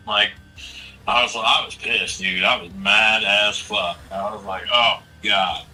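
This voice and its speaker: A man's voice: lowish voice, measured pace, pushed and bright, slightly rough, far from the mic, soft background music, rough recording. A man in his forties in casual chat, talking bluntly and with a lot of swearing as he rambles through a family story. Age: 40s. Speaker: streamer.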